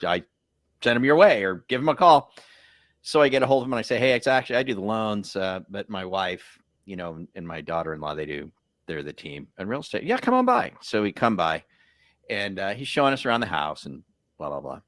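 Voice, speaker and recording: A man who works as a loan officer, telling a story in a casual, animated way and acting out what people said. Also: lowish voice, brisk, dry recording. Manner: animated storyteller, acts out quotes.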